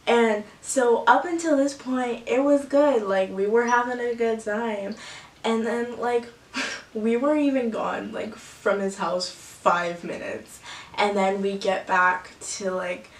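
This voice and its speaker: A woman's voice: a little high, steady tone, takes it slowly. A young woman telling a rambling story to her camera, full of 'like' and laughter. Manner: rambling, laughing often, filler-heavy with lots of 'like'. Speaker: vlogger. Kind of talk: casual storytime. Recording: echoey room, from a distance.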